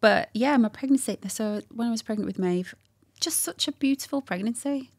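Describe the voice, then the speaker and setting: A woman's voice: fairly high pitch, fairly quick. A woman, a guest candidly telling a personal story with laughter and quoted dialogue. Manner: warm, laughing, animated retelling with quoted dialogue.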